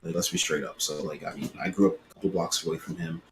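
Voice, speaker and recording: Man, late thirties, New York accent, lowish voice, casual podcast chat, faint noise behind. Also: fast talker. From Brooklyn, New York. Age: late 30s. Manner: storytelling, animated, swears casually. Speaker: podcast co-host.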